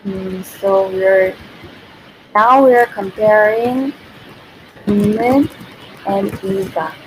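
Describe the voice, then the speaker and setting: A woman's voice: mid-range voice, slow pace. Giggly Korean-accented woman teaching. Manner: giggly, repeats and restarts phrases. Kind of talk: casual livestream lesson. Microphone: built-in device mic, no external microphone. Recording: faint background noise, no proper mic.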